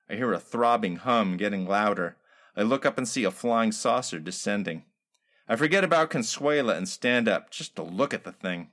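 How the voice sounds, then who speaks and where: A man reading a comic detective story aloud in a wry, deadpan hard-boiled manner. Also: on the low side, normal speed.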